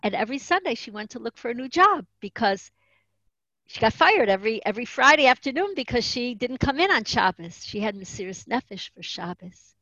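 A woman's voice: on the high side, very animated, brisk, sharp tone, no room sound. A woman giving an earnest religious lesson, explaining Hebrew terms and telling stories. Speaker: teacher of Jewish tradition. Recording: dull, muffled dry recording.

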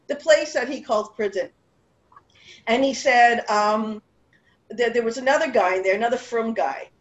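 A middle-aged woman with a high voice talks with animated, rambling warmth, often restarting her phrases. She is heard over a dull, lo-fi video call, and the audio has an echoey room sound. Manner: animated, rambling with restarts, sprinkles Hebrew and Yiddish words. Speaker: speaker at a women's Torah class gathering. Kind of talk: casual heartfelt talk.

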